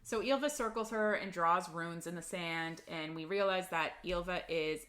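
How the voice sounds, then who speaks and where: She co-hosts a casual podcast about books, retelling the plot in a loose, chatty way with lots of "like" and a swear here and there. Her voice sits on the low side, with a fairly bright tone and a normal speed.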